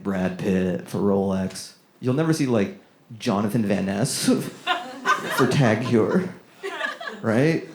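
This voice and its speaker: A man doing a loose, riffing stand-up comedy set in a small room with a live audience. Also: fairly low pitch. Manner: loose, riffing, lively, swears freely. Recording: echoey room, audience laughter.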